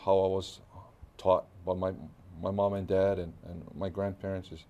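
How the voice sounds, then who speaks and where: A man's voice: sits low, little pitch movement, moderate pace, dark tone, highs cut off. A middle-aged man from Hawaii with a Hawaiian accent, animatedly telling stories in a casual interview and acting out the dialogue. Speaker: guest artist.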